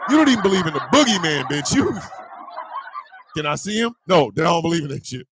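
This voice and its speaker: A male host in a profane, loud comedic live-stream rant who laughs often. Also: fairly high pitch, very animated, fairly quick, breathy edge, dry recording.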